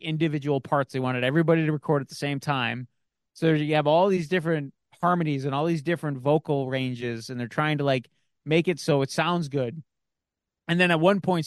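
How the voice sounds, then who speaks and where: A man's voice: a little high, dry recording, clean studio sound. A man hosting a podcast, telling a story in a rambling, casual way with lots of fillers and restarts. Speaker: podcast host. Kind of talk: casual chat.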